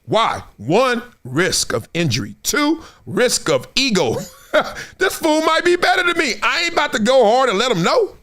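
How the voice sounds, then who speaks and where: A man in his forties hosting a casual sports talk stream, animated and trash-talking, slipping into put-on fan voices. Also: very high voice, normal speed. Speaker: show host.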